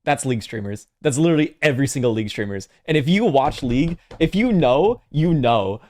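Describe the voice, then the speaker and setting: Young guy streaming from home, super lively voice that swings all over, swears a ton, laughs a lot. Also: mid-range voice, fairly quick. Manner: animated, swears freely, laughs often. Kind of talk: casual live-stream reaction chat.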